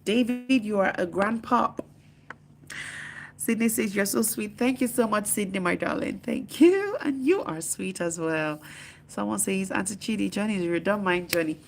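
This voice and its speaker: Chatty Nigerian woman with a gravelly voice. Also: mid-range voice, fairly even intonation, moderate pace, slight background noise. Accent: Nigerian English. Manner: chatty and teasing, reads comments aloud and answers them. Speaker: live streamer. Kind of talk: casual live-stream chat reading viewer comments. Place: her living room at home.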